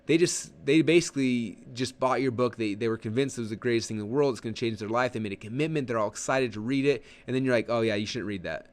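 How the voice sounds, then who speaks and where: Fast-talking man hosting a live webinar. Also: mid-range voice. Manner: rambling, with many restarts and quick acted-out asides. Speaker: online marketing coach.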